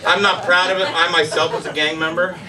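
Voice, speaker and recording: A man's voice: on the high side, little pitch movement, a little fast. A man doing a rambling, self-deprecating stand-up comedy set and chatting with the audience at a live show. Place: live show at a women's shelter. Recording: distant mic, loud crowd and noise.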